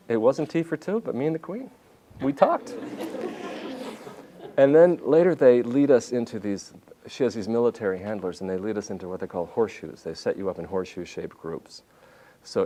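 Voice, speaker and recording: Deep-voiced man telling lively stories. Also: a little hiss or hum. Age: 50s. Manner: animated storytelling with restarts and self-corrections. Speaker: visiting journalist giving a talk. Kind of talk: lecture with anecdotes. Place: university lecture hall.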